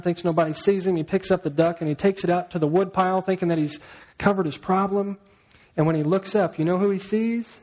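A man's voice: on the high side, a little mellow, low-quality recording. A male pastor preaching a sermon, telling a story and asking the congregation questions.

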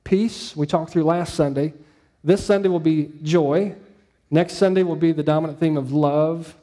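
Male pastor, easygoing sermon delivery, slightly high, warm tone. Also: fairly even intonation, moderate pace. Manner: conversational, storytelling, frequent "um" and "right?".

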